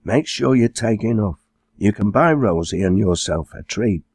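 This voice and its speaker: A man's voice: on the low side, lively intonation, moderate pace, a little mellow, breathy edge, no echo, studio quality, voice pushed up. A man doing a kindly middle-aged farm mum. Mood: motherly. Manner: kindly, fussing. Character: warm motherly farmer's wife, middle-aged.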